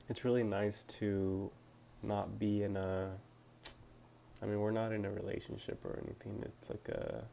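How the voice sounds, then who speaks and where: A man's voice: fairly low pitch, a little slow, gravelly, pauses often, warm tone, a little hiss or hum. A young man answering viewer questions to his phone camera, talking hesitantly with lots of fillers and restarts. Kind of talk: casual talk to camera.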